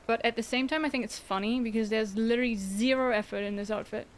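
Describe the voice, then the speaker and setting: A woman's voice: on the high side, fast, slight background noise. Chatty, giggly young woman streamer. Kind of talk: casual gameplay livestream chat.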